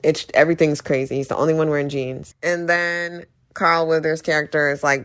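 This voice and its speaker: A woman's voice: low-pitched, steady tone, moderate pace, hardly any pauses, fairly bright tone. A woman casually recapping a movie with strong opinions, talking in a chatty way full of "like" and "literally". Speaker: movie reviewer.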